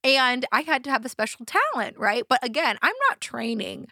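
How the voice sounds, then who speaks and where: A woman's voice: on the high side, normal speed, dry recording, studio quality. A young adult woman co-hosting a podcast, chatting casually and telling a story with lots of acted-out quotes. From Southern California. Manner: animated storyteller, acts out quotes. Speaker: podcast co-host. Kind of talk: casual chat.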